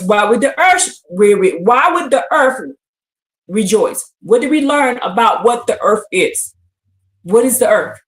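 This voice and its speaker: A woman's voice: a little high, lively intonation, a little slow. Emphatic woman teaching in an echoey room. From United States. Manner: repetitive, emphatic, often asks "you see what I'm saying?". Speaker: Bible teacher and livestreamer. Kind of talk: casual livestream teaching. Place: indoors on a livestream, answering chat. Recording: roomy echo.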